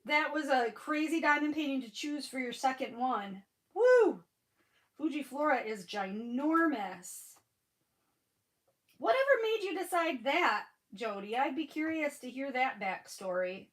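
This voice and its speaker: With a high, expressive, slightly bright voice, a middle-aged woman talks at a normal speed with hardly any pauses, sniffling after crying as she chats with craft livestream viewers. She gushes and answers comments by name, and the recording quality is low.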